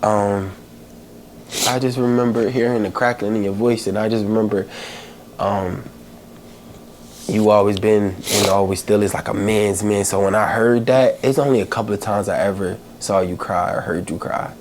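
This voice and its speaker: A man's voice: lowish voice, fairly even intonation, a little mellow, slight background noise. Man holding back tears while telling a story. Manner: halting, many pauses and fillers. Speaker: podcast host. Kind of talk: heartfelt personal storytelling.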